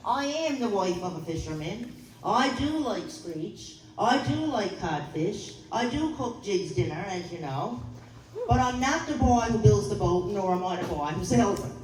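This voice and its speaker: A woman's voice: mid-range voice, expressive, a little slow, slight background noise. A woman from Newfoundland with a Newfoundland accent, hosting a ceremony in a folksy, joking way. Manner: folksy, joking, loud to a crowd. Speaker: ceremony host. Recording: roomy hall from a distance with crowd.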